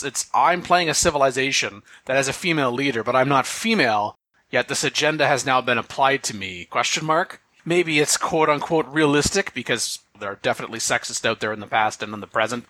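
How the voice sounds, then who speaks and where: A man hosting a podcast, reading out notes and commenting on them in a measured, wry way. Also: mid-range voice, pushed and bright, no room sound. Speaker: podcast host. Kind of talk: casual game discussion.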